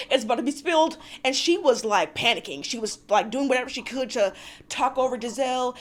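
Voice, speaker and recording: A woman's voice: high-pitched, expressive. A woman hosting a reality TV recap vlog, ranting in a profane, exasperated way and acting out the cast's lines. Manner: acts out cast members' lines in quick voices. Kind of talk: casual recap and commentary.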